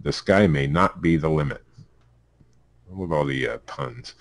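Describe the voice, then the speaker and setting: A man's voice: a bass voice, measured pace, dry recording. A man with a Pennsylvania accent co-hosting a podcast, reading news stories aloud with stumbles, laughs and asides. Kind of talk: casual news chat.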